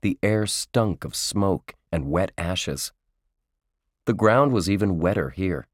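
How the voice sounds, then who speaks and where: A man narrating a children's book in a slow, measured storytelling manner. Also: deep voice, lively intonation, no echo, clean studio sound. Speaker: audiobook narrator.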